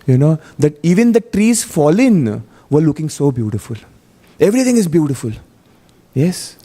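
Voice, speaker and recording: A man's voice: a little high, big pitch swings, moderate pace, mellow. A man giving a storytelling sermon at a temple, chatty and full of "you know", often putting questions to his audience. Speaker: guest speaker at a temple feast class. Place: temple hall. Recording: long hall reverb.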